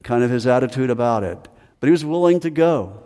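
A man's voice: medium pitch, lively intonation, a little fast, mellow, big-room sound. A male pastor preaching a sermon on scripture who sometimes acts out the lines of the people in it with a raised voice.

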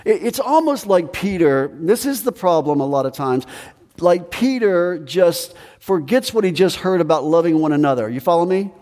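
Male pastor mid-sermon, chatty and emphatic, booming church reverb. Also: expressive, moderate pace, a little mellow. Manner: conversational preaching, pitch rises and drops for emphasis. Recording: long reverb of a large hall.

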